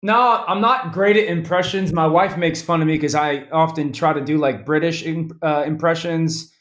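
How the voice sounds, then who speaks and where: A man in his thirties, a football analyst as guest, talking in a lively casual way with frequent restarts. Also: a little high, normal speed, roomy sound. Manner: animated, restarts often. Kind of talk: casual interview talk.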